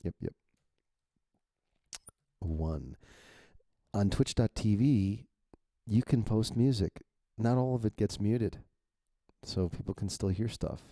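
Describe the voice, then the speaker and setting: A man with a very low, gravelly voice rambles casually as he talks through edits, swearing freely and chuckling at his own remarks. His tone is dark and mellow, recorded close and dry. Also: slow, pauses often, no echo. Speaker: novelist. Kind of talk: thinking-aloud editing walkthrough.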